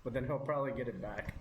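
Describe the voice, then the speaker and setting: A man with a medium-pitched voice vlogs while eating on camera, chatting casually and ramblingly and chuckling often. It's recorded on a camera mic, and the audio is dull, roomy, and has background noise.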